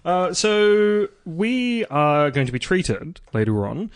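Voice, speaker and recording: A man co-hosting a relaxed podcast, full of playful banter and easy asides. His voice runs a touch high for a man. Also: slow pace, clear, resonant tone, no echo. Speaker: podcast co-host. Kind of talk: casual chat.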